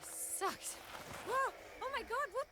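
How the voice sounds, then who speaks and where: A breathless, whiny video game character, very high-pitched and swooping. She drags her words slowly, with clear noise behind her. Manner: pleading, whiny. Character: whiny out-of-shape woman, panting. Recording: game audio with steady noise.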